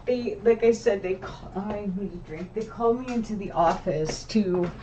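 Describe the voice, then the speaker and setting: A woman's voice: mid-range voice, moderate pace, mellow, a little hiss or hum. Weary rambling woman venting, lo-fi. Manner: rambling, weary, frequent "right?" and restarts. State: tired. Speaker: vlogger. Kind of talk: casual venting monologue to camera. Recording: dull lo-fi sound.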